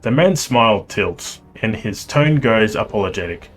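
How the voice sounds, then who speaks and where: A man reading game text aloud as he plays, steady with small slips. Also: fairly low pitch, normal speed, few pauses, soft background music. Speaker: game player and narrator.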